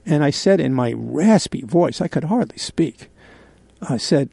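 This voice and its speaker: A man in his sixties hosting a radio show, telling a candid personal story in a halting way with many pauses and fillers. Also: a little high, lively intonation, vocal fry, warm tone, breathy edge, no echo. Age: 60s. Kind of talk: confessional radio monologue.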